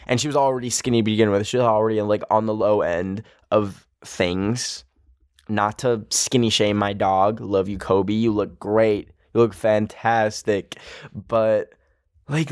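Chatty young man, low dry voice. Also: no room sound. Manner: chatty, filler-heavy with frequent "like", emotional. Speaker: podcast host. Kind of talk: casual storytelling monologue.

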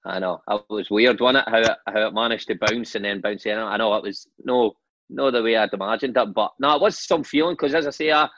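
A Scottish man in his forties, a former footballer, telling animated anecdotes on a podcast with laughs and swearing. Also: fairly low pitch, fairly quick, dry recording, muffled recording. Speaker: guest, former footballer and manager. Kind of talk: casual storytelling chat.

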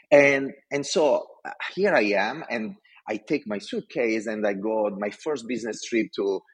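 Man, storytelling talk, passionate, animated delivery, slightly husky voice. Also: mid-range voice, unhurried. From Italy. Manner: passionate, animated, many restarts. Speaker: design executive.

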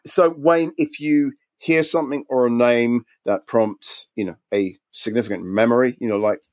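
A man's voice: medium pitch, steady tone, moderate pace, darkish tone, no room sound. A man hosting a casual podcast conversation, easygoing and wry as he steers the talk between guests. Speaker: podcast host.

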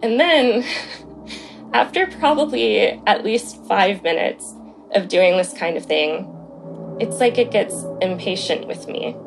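A woman's voice: medium pitch, animated, slow, gravelly, soft background music. Chatty young woman telling a story. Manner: chatty, many fillers and "like". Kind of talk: casual storytelling. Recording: faint background noise.

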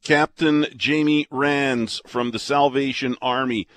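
A male radio talk show host with a middle-pitched voice. He speaks conversationally and keeps things moving with prompting questions. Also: fairly even intonation, slow, fairly bright tone, no room sound. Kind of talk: radio interview.

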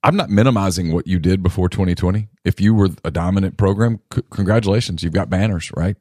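A man co-hosting a sports podcast in casual talk, emphatic and repetitive, jumping up to a near shout on the points he presses. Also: low-pitched, fast, no echo, studio quality. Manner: emphatic, repeats himself, rising to a near shout on key phrases. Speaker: podcast co-host.

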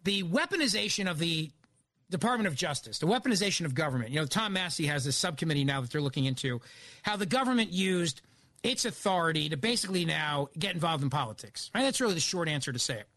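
Filling in as a radio host, a man delivers an opinionated monologue, emphatic and argumentative, packed with rhetorical questions. His voice is on the high side, animated, fast, pushed and bright. The studio broadcast microphone gives a dry recording.

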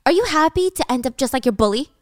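A woman's voice: sits high, expressive, fast, dry recording, studio quality. A woman voicing a defiant teenage girl held hostage in a story recap. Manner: pleading, defiant.

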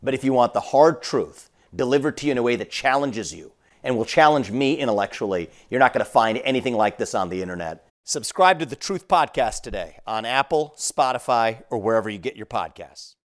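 A man's voice: medium pitch, expressive, a little fast. A man reading a podcast promo in a blunt, punchy way. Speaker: podcast ad announcer. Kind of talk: promo read.

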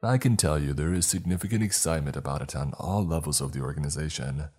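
A smug, beaming official who lectures with calm self-assurance, as a narrator voices him. The voice is very deep and husky, and faint music plays behind it. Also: male voice, fast talker. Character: beaming smug male official, secretive and proud. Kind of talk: read-aloud dialogue in a horror story.

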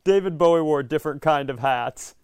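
A man's voice: on the high side, fast, clear, resonant tone, no echo. A man co-hosting a comedy podcast in casual chat, telling stories in an exasperated, self-mocking way.

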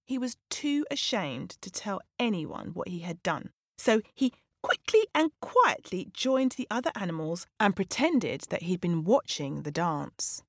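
A woman storyteller reading a children's tale in an expressive, animated way. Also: on the low side, measured pace, hardly any pauses, dry recording.

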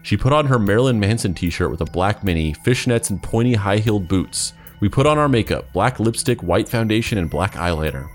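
Low-voiced man reading aloud for laughs. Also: fairly quick, few pauses, soft background music. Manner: wry, cringing, laughs often. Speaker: podcast co-host. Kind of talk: comedic read-aloud with commentary.

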